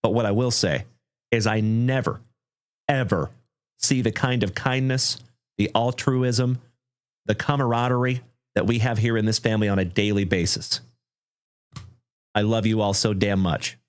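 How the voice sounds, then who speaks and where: A man hosting a livestream trading card break, thanking viewers effusively and calling out cards with excitement. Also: lowish voice, normal speed, long pauses, clear, resonant tone. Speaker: live card break host.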